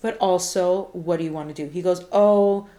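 A woman's voice: on the low side, moderate pace, reverberant. A woman co-hosting a casual chat show, telling a dating story and acting out the texts she got. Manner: animated, acts out quoted texts. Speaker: podcast co-host.

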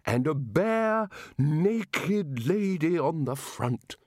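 Man doing a slow dreamy muddled wizard. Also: fairly high pitch, very animated, a little mellow, dry recording, studio quality, voice pushed up, full character voice.

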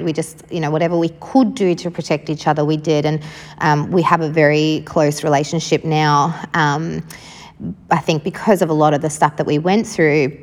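Low-voiced woman speaking frankly and casually. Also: long reverb tail. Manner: frank and casual, swears freely, many "like" fillers. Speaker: guest telling her life story. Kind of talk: candid personal storytelling.

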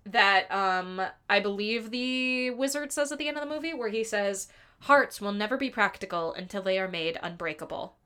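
Bright, giggly woman chatting. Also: mid-range voice, expressive, normal speed, smooth. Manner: giggly, chatty, swears casually. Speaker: podcast co-host. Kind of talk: casual chat about a movie.

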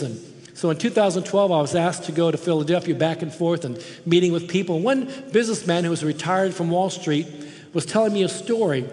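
A man's voice: fairly high pitch, darkish tone, big-room sound. A man preaching a sermon as a guest preacher in a church, impassioned and emphatic, repeating words for stress. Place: church sanctuary.

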